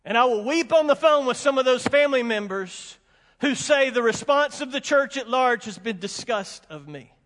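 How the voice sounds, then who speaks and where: A man's voice: very high voice, animated, moderate pace, a bit bright. A man preaching a sermon as pastor, emphatic and folksy, repeating his warnings with humorous asides. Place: church sanctuary with congregation. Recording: long hall reverb.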